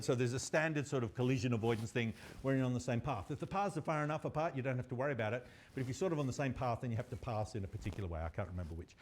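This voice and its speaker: A male university lecturer telling a story in a lively, chatty way. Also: medium pitch.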